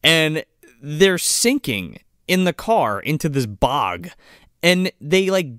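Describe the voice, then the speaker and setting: A man's voice: on the high side, big pitch swings, slow, fairly bright tone, clean tone, no echo, studio quality. A man co-hosting a casual movie-riffing podcast, crude and laughing, often acting out characters. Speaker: podcast co-host.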